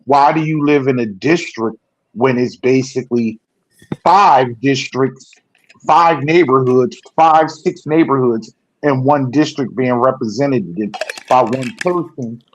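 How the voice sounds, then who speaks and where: A man co-hosting a political talk show, rambling in casual discussion and correcting himself often, growing animated when he makes a point. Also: mid-range voice, dry recording. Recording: dull lo-fi sound.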